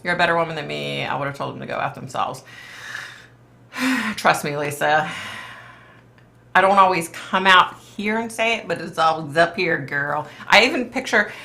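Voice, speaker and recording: A woman's voice: deep voice, expressive, moderate pace, creaky, long pauses, bright, forceful tone, a little hiss or hum. A woman who is a psychic medium, hosting a casual live stream and rambling chattily, full of "like" and "you know.".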